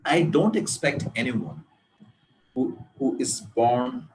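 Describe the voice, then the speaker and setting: Slow, deliberate Bangladeshi-accented man lecturing. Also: medium pitch, expressive, a little mellow, low-quality recording. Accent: Bangladeshi English. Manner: deliberate, with many pauses and hesitations. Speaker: public speaking trainer. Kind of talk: lecture on public speaking.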